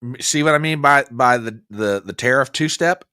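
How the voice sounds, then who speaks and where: A man hosting a political commentary show, talking in an animated, exclamatory and mocking way. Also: medium pitch, moderate pace, clean tone, dry recording, clean studio sound. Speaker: host.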